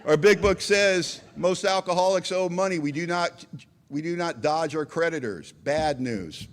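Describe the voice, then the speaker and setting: A man's voice: high-pitched, moderate pace. A middle-aged American man telling his recovery story at a meeting, earnest and self-deprecating, with acted quotes. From United States.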